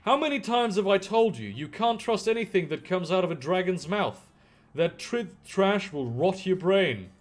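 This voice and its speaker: A man reading the lines of a brisk female hacker who leads a team, giving crisp orders in a video game stream. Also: high-pitched, animated, faint music behind. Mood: teasing.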